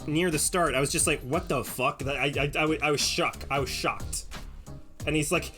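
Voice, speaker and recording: A man's voice: a little high, steady tone, normal speed, pushed and bright, soft background music. A man streaming a game, chatting casually and rambling, stammering with repeated words. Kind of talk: casual gaming stream commentary.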